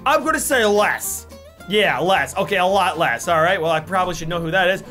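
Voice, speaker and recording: A young adult YouTuber takes on a ghost pepper chip challenge while playing a guessing game, coughing, eyes watering, yelping and pleading in a frantic, self-mocking way. His voice is high, animated and sharp, and he talks a little fast. Soft music plays in the background.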